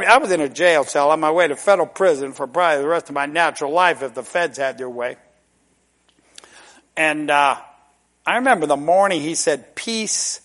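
A middle-aged man preaching a sermon, folksy and emphatic, dropping to a hush and then rising loud on drawn-out words. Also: high voice. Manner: folksy and conversational, repeats "amen". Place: church service.

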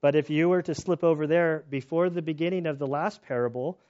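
A pastor and chaplain preaches a sermon full of personal stories, his voice a little high and his pace a little fast. He's animated, acting out quoted voices and restarting after interrupting himself. The recording is lo-fi.

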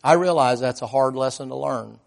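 A male preacher with a mid-range voice delivers a sermon as a folksy storyteller. He keeps asking the congregation questions and paints scenes in vivid detail. His delivery rises to loud emphasis and then drops to hushed asides. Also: fairly quick, gravelly. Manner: swings between loud emphatic lines and low quiet asides.

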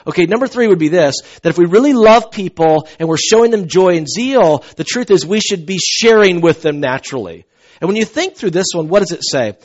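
A middle-aged man from the American South preaches with an earnest, animated energy, often backing up and restarting his sentences. His voice sits high for a man. The recording sounds dull and lo-fi. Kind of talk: sermon.

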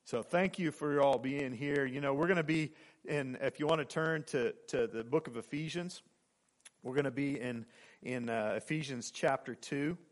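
A man in his forties from Oklahoma delivers a guest sermon. His speech halts with frequent fillers and restarts. In the storytelling his voice lifts higher and louder. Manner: halting, with many fillers and restarts. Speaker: guest preacher.

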